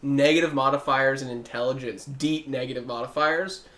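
A man's voice: medium pitch, fairly even intonation, moderate pace, fairly bright tone. Wry man in casual podcast chat, echoey room. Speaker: player and podcast co-host.

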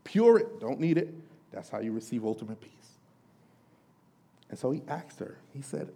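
Animated male lay pastor preaching. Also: mid-range voice, moderate pace, creaky, long pauses, husky. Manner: animated preaching, acts out questions to Paul. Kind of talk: sermon.

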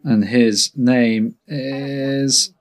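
A man chatting casually while watching a film, animated and quick to laugh, often restarting his sentences. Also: mid-range voice. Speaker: film watch-along co-host. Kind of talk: casual reaction chat over a film. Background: faint film soundtrack music.

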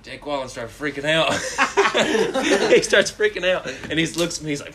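A man's voice: on the high side, very animated, normal speed, hardly any pauses, crowd noise. A young man, casually telling a rambling story and laughing through it.

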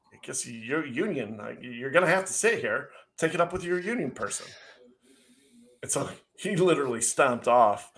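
Middle-aged man, casual podcast co-host, animated sarcastic storyteller, mid-range voice. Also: mid-range voice.

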